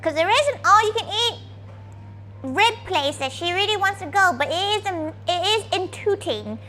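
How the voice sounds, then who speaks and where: A woman's voice: very high voice, animated, normal speed, bright, forceful tone. A woman streaming as a VTuber, chatting casually while cooking and talking to her dog, playful and crude, referring to herself in the third person.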